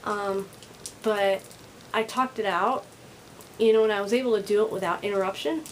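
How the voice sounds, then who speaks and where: A woman vlogging to camera while overstimulated, talking louder than usual in a rambling way that sounds angry and on edge. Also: mid-range voice, normal speed, a little hiss or hum, poor audio. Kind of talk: casual vlog monologue to camera.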